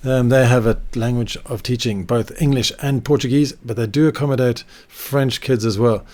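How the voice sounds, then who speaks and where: A man walks his viewers through a list in a relaxed, chatty vlog manner. He talks to the camera with easy asides and fillers, in a voice of middling pitch. It was recorded indoors. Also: moderate pace. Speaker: vlog host. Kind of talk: casual explainer vlog. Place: indoor room.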